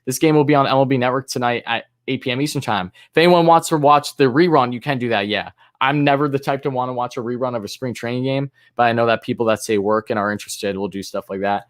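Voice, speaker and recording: Man, fan stream host, announcer-style play calls, casual chatty answers, medium pitch. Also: fast talker, hardly any pauses. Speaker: livestream host and fan commentator. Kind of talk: live play-by-play mixed with casual chat.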